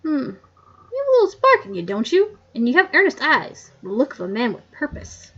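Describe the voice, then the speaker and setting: A woman reading the lines of a grumpy old male coroner, loud and gruff, on a muffled lo-fi mic. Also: high-pitched, wildly swooping pitch, moderate pace, pitched above the performer's own voice, exaggerated voice. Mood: grumbling.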